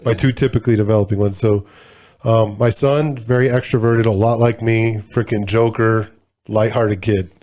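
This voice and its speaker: A man's voice: fairly low pitch, steady tone, moderate pace, a little mellow. Blunt, easygoing man in his forties. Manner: blunt, swears freely, laid-back storytelling. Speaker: podcast co-host. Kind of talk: casual chat.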